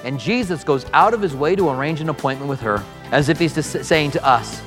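A man pastor preaching a verse-by-verse sermon, telling the story with animated delivery and acting out the dialogue. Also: a little high, brisk, big-room sound, over music.

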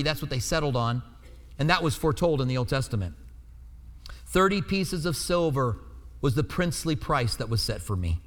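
A man's voice: a little high, expressive, fairly quick. A man preaching a teaching sermon in a conversational way, checking in with his listeners as he goes. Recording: long hall reverb.

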